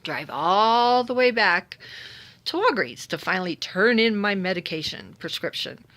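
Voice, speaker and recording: A woman speaking at a medium pitch and an unhurried pace tells a story from her own day in a casual monologue. She sounds wry and exasperated, acting out the people she met in an animated, dramatic retelling full of voiced quotes.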